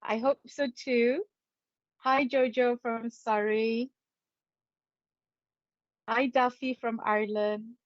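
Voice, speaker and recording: A woman's voice: fairly high pitch, fairly even intonation, slow, pauses often, no room sound, dull audio. A woman hosting as a psychic medium, greeting viewers by name in a chatty, playful way. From England. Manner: chatty and playful, laughs often. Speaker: psychic medium and spirit artist. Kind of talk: live-stream chat greeting viewers.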